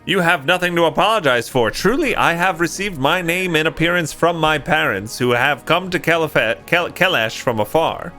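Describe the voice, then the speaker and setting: A man voicing an earnest, gentle young male traveling priest while reading game dialogue aloud in a lifted, formal tone. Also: on the high side, lively intonation, normal speed, hardly any pauses, faint music behind, pitched above the performer's own voice.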